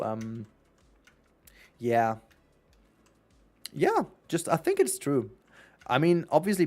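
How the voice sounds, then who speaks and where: A man with a German accent talks loosely as he streams a game, his pitch sitting in a middle register. He rambles, doubles back on his words and breaks into laughs, with the easy, chatty flow of a long livestream. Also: a little mellow. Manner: rambling, chatty, self-correcting, laughs often. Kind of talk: casual livestream gaming chat.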